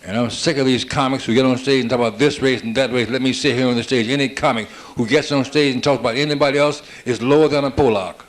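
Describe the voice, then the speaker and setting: A man doing a stand-up comedy routine, rattling off one-liners built on quick "I said, she said" exchanges. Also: medium pitch, steady tone. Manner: rapid-fire joke telling with "I said, she said" setups.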